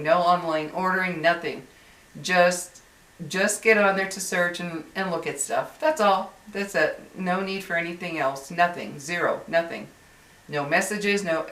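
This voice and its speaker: An older woman speaks straight to her viewers in a somewhat low voice, rambling and clearly exasperated. She often stops and restarts her sentences. The audio is roomy and echoey, as if the mic sits a few feet away. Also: steady tone, normal speed, fairly bright tone. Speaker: YouTuber. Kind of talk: venting vlog to viewers. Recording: roomy echo, distant mic.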